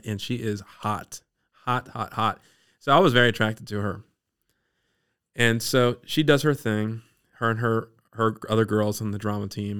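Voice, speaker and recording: Low, smooth-voiced storyteller man. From Eastern Shore of Maryland. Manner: animated, acts out the people in his story. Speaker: guest sharing his testimony. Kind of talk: personal storytelling.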